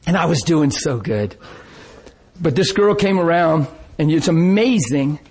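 A man's voice: a little high, animated, measured pace, a little mellow, slightly rough. A man preaching a sermon, telling stories with laughter and quoted voices.

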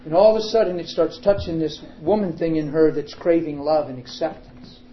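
A man preaching a sermon and telling a story dramatically, swinging between hushed and emphatic. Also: fairly high pitch, fairly quick, lo-fi sound, a little hiss or hum.

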